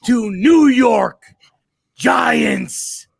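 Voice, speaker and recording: A man co-hosting a sports talk show who delivers a booming, drawn-out ringside-style hype intro. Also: big pitch swings, vocal fry, slightly rough, no room sound, studio quality. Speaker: co-host.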